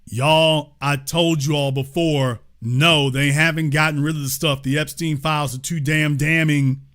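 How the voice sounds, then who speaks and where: A middle-aged man hosting impassioned political commentary, preaching and rising to near-shouts, mocking the people he quotes. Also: a little high, steady tone, measured pace.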